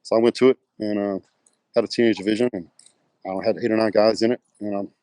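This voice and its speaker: Talking fast in a warm, somewhat low voice with a steady tone, this middle-aged pro bodybuilder from West Texas tells wandering stories in a Texan accent as a casual interview guest. Fillers run throughout, and he acts out the lines of dialogue he recalls. The recording is dry.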